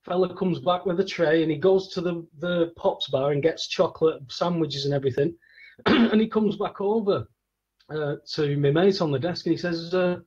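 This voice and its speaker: Male podcast host, raspy and fairly high, casual storyteller who does the voices, lo-fi sound. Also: normal speed, darkish tone. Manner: rambling anecdotes, acts out the voices of the people in his stories.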